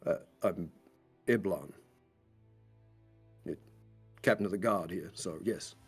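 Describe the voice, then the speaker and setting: A man's voice: low voice, slow pace, slightly rough, faint music behind, voice pushed down, exaggerated voice. A man voicing an adult male captain of a town guard who hedges and over-explains everything, in a tabletop game. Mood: formal.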